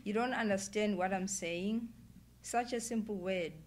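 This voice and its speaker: A woman's voice: mid-range voice, unhurried, a little hiss or hum, lightly acted. A woman author voicing a firm, exasperated woman arguing on the phone, read aloud from a novel. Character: impatient woman caller, firm and insistent.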